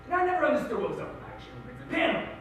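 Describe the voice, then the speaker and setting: A teenage boy performing a monologue as a middle-aged Irish-American man, telling his story in an animated, wry and emotional way. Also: extremely high pitch, very fast, exaggerated voice. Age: teens. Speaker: high school forensics performer. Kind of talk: competitive dramatic monologue. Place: school auditorium stage. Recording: echoey hall, distant mic.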